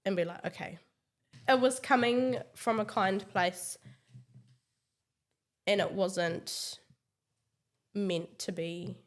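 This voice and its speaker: A woman's voice: mid-range voice, fairly even intonation, slow pace, long pauses. New Zealand woman, friendly guest. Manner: friendly, affirming, short agreements. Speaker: early childhood teacher, guest. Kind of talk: casual interview answers.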